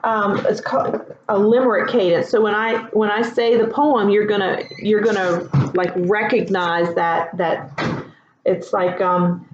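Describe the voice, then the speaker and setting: A woman teaching a writing lesson in a casual, relaxed way, with lots of ums and asides. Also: medium pitch, measured pace, a little hiss or hum. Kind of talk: casual classroom instruction. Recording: echoey room, dull lo-fi sound.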